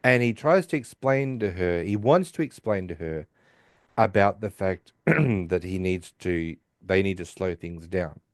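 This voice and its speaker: A man's voice: animated, measured pace, no room sound, studio quality. A man co-hosting a podcast, casually recapping an episode and acting out the characters' lines in raised voices. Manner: acts out quoted lines in higher voices. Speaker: podcast co-host.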